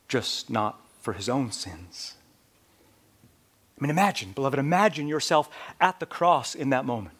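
A man preaching a sermon, swinging between quiet, measured passages and loud, emphatic ones. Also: mid-range voice, slightly rough. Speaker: pastor.

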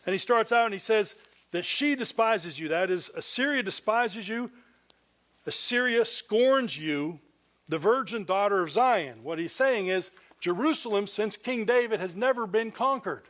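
A man's voice: high voice, animated, unhurried, fairly bright tone. A man preaching a sermon as a pastor, earnest and conversational, acting out quoted voices as he goes.

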